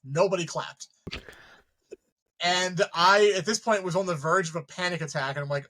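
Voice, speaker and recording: A man, a filmmaker guest, telling animated stories in casual chat, swearing freely and acting out his own reactions. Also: high-pitched, moderate pace, pauses often, low-quality recording. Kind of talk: casual storytelling.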